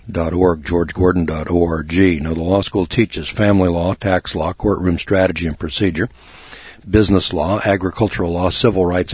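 A man's voice: low voice, a little mellow, breathy edge, no echo, highs cut off. A man hosting a talk radio show, rambling in a folksy, blunt way with lots of fillers and restarts.

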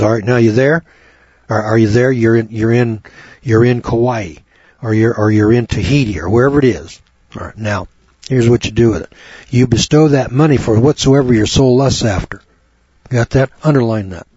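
A man's voice: mid-range voice, moderate pace, warm tone, breathy edge, no echo. A man giving a chatty, folksy Bible teaching program from his home studio, talking to listeners by name. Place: home studio on a rural property. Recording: dull lo-fi dry recording.

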